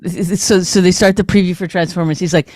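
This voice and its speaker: A woman's voice: lowish voice, steady tone, a little fast, a little mellow, no room sound. Teasing woman in dry comedy banter. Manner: teasing, does mocking impressions of her husband. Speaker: podcast co-host.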